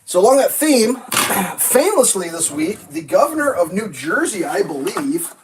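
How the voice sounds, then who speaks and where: A host rambles through a casual breakfast rant, sarcastic and quick to swear and laugh. The voice sits a bit away from the microphone. A faint noise runs underneath. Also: mid-range voice, big pitch swings. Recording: distant mic with faint noise.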